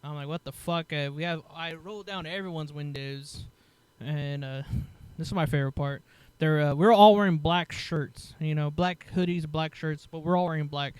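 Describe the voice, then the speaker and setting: In a dry recording, this podcast host's slightly high, clear, resonant voice moves at a normal speed as he tells a story in casual chat. Animated and laughing, he swears a lot and performs other people's lines.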